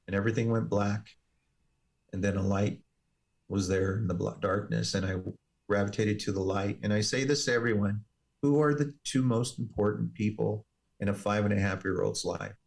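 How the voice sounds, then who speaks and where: A man speaks as an interview guest, recounting his own story with steady, earnest care. His voice sits a little on the low side. He talks like a firefighter and paramedic who has told this before. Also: normal speed, gravelly. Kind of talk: personal testimony in an interview.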